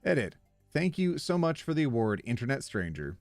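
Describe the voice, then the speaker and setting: A man's voice: medium pitch, very animated, brisk, no room sound, faint music behind. A man streaming, casually reading online posts aloud with playful, wry commentary and easy laughter.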